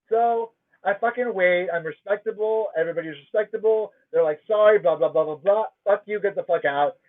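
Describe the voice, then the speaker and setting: A man hosting a livestream, telling a story in a casual, profane, emphatic rant from home. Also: high-pitched. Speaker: livestream host. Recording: tinny phone-like audio.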